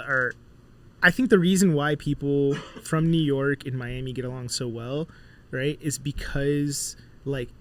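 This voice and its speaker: A man who is a musician guest on a casual podcast, telling animated stories and acting out bits of dialogue, with lots of filler words. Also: mid-range voice, slight background noise. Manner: animated storyteller, acts out dialogue, many fillers.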